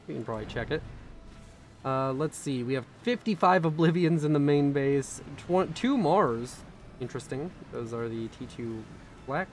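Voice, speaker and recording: A young man casting a strategy video game with quick, chatty, self-mocking commentary, sounding tired. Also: medium pitch, darkish tone, a little hiss or hum. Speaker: game caster.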